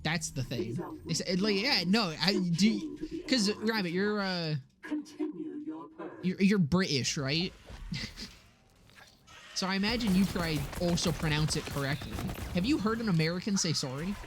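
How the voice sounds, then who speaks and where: A man's voice: high-pitched, moderate pace, long pauses, a crowd in the background. A young man from Canada chatting casually on a game stream, ranting animatedly and swearing freely.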